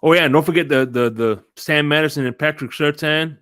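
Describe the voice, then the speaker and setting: A man's voice: on the high side, brisk, fairly bright tone, smooth, dry recording, studio quality. A man hosting a casual sports podcast, rambling through stories and greeting viewers as he goes. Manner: rambling, greets live chat viewers, tells stories with quoted voices. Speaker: podcast host.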